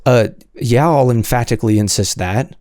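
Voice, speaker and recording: Exasperated man ranting, dark dry voice. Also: mid-range voice, normal speed, dry recording. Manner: exasperated, sarcastic, stammering restarts. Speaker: commentary host reading and answering comments. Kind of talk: heated solo commentary.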